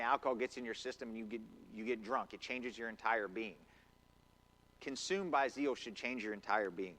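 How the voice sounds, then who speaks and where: A man's voice: medium pitch, sharp tone. A man preaching a conversational sermon in a church, acting out quotes as he goes. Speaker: pastor. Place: church sanctuary.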